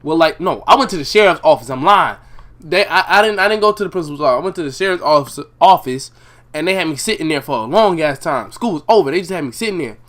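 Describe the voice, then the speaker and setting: A young man tells a school story in heavy street slang, lively and full of swagger, slipping into the voices of the people in it. His voice sits a little high for a man and swings widely in pitch. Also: fast. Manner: animated, profane street slang, acts out the other voices. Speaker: streamer telling a storytime. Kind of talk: casual storytime over gameplay.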